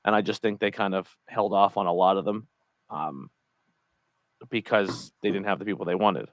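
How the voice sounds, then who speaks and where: A man's voice: low-pitched, normal speed, no echo. A man co-hosting a podcast, chatting casually and rambling, hedging his points as he goes. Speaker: podcast co-host. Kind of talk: casual chat.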